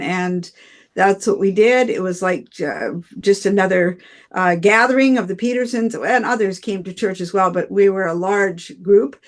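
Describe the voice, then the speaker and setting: A woman in a church study group, telling a story in a rambling way over a video call. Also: medium pitch.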